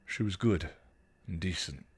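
A man reading a story aloud, voicing a grim, protective male vampire who speaks softly but sternly. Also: measured pace, slightly rough. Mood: grim gentle. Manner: low, grim, soft-spoken.

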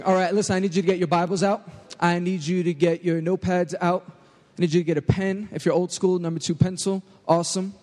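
Man, new york accent, youth preacher, upbeat and joking, fairly high voice, long hall reverb. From United States. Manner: lively, joking, calls for crowd response. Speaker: youth pastor. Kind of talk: energetic sermon to a youth crowd. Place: large church hall.

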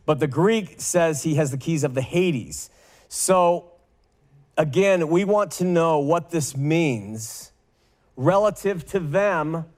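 A man teaching a verse-by-verse Bible study, slowly working through Greek wording and often checking in with "okay?". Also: on the high side. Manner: slow, deliberate reading of Greek with frequent "okay?" checks.

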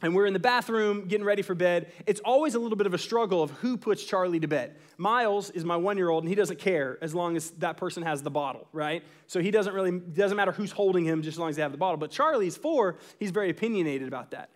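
Young pastor, tenor-high man preaching with animated storytelling. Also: quick pace, hardly any pauses. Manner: storytelling with animated asides, acts out quotes. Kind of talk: sermon.

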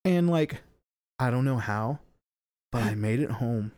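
A man's voice: medium pitch, animated, a little slow, darkish tone, no echo. Rambling, swearing young man telling a story. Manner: rambling, heavy swearing, many fillers. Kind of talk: casual podcast storytelling.

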